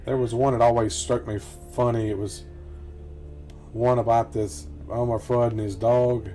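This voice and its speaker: A middle-aged man gives casual, rambling commentary while playing a game. His voice is mellow and average in pitch, and his easygoing manner is broken by frequent quiet chuckles. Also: little pitch movement, normal speed, faint music behind. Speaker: gameplay commentator. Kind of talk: casual let's-play commentary.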